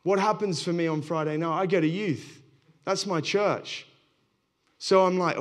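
Man preaching, slightly high voice. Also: steady tone, moderate pace. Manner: candid storytelling, self-deprecating. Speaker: pastor. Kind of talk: sermon.

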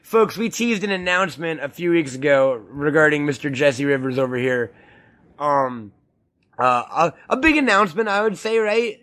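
A man's voice: on the high side, expressive, moderate pace, fairly bright tone. Joking, crude man hosting a podcast. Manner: joking, crude, rambling with restarts. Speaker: podcast co-host. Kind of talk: casual podcast chat.

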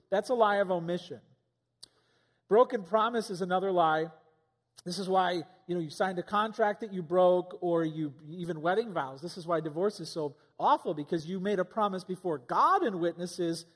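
A pastor delivers a sermon in a high male voice, talking to the congregation like a conversation and tossing out rhetorical questions. His voice carries a long reverb from a large hall.

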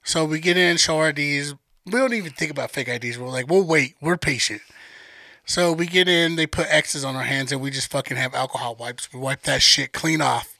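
A man's voice: on the high side, a little fast, gravelly, bright, forceful tone, dry recording. A young man co-hosting a podcast in casual chat, joking, teasing and swearing freely. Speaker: podcast co-host.

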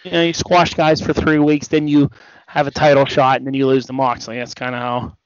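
A tired, yawning man co-hosts a casual wrestling podcast, rambling hesitantly with many restarts. His mid-range voice is brisk with little pitch movement, and the podcast audio is dull and dry, with no room sound.

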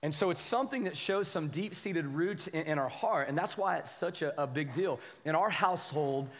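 High-voiced, animated pastor in a reverberant hall. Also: male voice, moderate pace. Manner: animated, joking, keeps asking the crowd "right?" and "amen?". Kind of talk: conversational sermon.

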